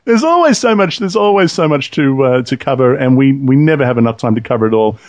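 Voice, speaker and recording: A man's voice: mid-range voice, animated, quick pace, no echo. An enthusiastic man hosting an online talk show, repeating phrases for emphasis. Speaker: podcast host.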